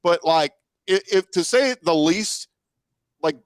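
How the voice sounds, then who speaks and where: A man's voice: sits high, lively intonation, slow, clean tone, dry recording. A man hosting a sports podcast in casual chat, easygoing and tossing questions over to his co-host.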